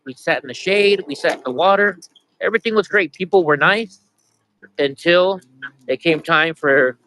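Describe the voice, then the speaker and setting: A man's voice: a little high, moderate pace, bright, forceful tone, poor audio. A man telling a story in a casual vlog, exasperated, repeating himself as he complains. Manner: exasperated, repeats himself, quotes others in his own voice. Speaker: vlogger.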